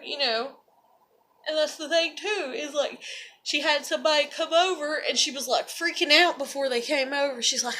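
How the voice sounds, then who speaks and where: A middle-aged woman vlogging straight to camera, her voice bright and a little high. She rambles in loose, earnest reflection, swearing freely and leaning on "you know" and "like.". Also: moderate pace. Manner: rambling, heavy with fillers and profanity. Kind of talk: casual personal monologue.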